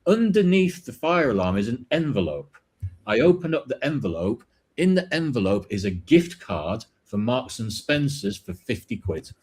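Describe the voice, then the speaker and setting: A man's voice: medium pitch, big pitch swings, normal speed, a little mellow, breathy edge. A man with a British accent, a podcast co-host who tells a rambling story and swears casually. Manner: rambling, swears, hedges his claims.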